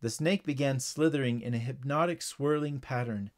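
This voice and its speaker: A man reading a children's story aloud as narrator, clear and even. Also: medium pitch, moderate pace.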